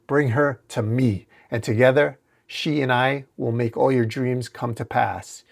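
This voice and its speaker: A man voicing a scheming female cult priestess in a comic read-aloud, speaking in low whispering menace. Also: steady tone, a little slow, vocal fry.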